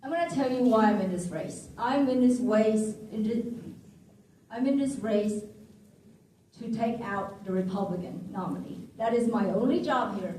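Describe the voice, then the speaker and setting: A woman's voice: a little high, normal speed, dark tone, a little hiss or hum. A woman giving a campaign speech at a candidate forum, talking emphatically and often checking in with "okay?". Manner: emphatic, keeps asking "okay?". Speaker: political candidate. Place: public forum hall. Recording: very echoey room, distant mic.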